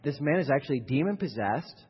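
A man's voice: fairly high pitch, sing-song, a little fast, breathy edge, big-room sound, highs cut off. A male pastor giving a sermon in a conversational style that builds to emphatic peaks.

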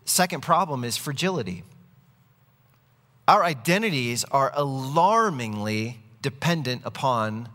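A man's voice: medium pitch, fairly bright tone, in a large hall. A man preaching a sermon, earnest and conversational, telling stories as he goes. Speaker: pastor.

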